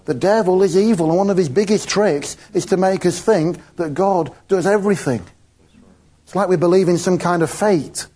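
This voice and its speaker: A man's voice: sits high, normal speed, dark tone, slightly rough. A man giving an informal, chatty sermon, often laughing between his points. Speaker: preacher.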